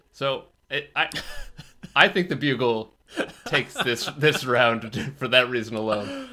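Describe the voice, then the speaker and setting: A man's voice: medium pitch, normal speed, bright, forceful tone. A man co-hosting a podcast in casual chat, amused and breaking into laughter between phrases. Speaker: podcast co-host.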